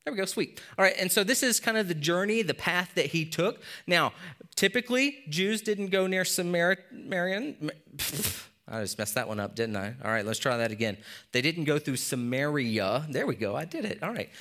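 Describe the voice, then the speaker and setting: A pastor in his thirties gives a casual sermon to his congregation, often checking in with "all right?" and "okay?" and dropping softer for serious points. His voice is a little high, very animated and brisk.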